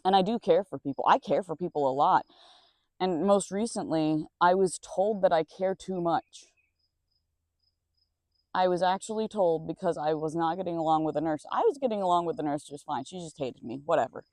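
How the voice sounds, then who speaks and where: A young adult rambles through a casual storytime outdoors, blunt and quick to swear. The voice sits at an ordinary middle pitch. The sound is dry and close, with crickets chirping behind. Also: darkish tone, dry recording. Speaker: nursing assistant.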